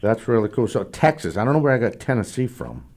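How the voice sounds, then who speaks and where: A friendly man with a lowish voice hosts a sports talk show. He asks his questions in a halting, chatty way and often restarts his sentences. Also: sing-song, darkish tone. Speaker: podcast host.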